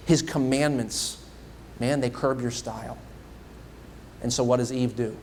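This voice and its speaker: A man's voice: mid-range voice, darkish tone, a little hiss or hum. A male evangelist preaching a sermon in a church. He asks the congregation many rhetorical questions.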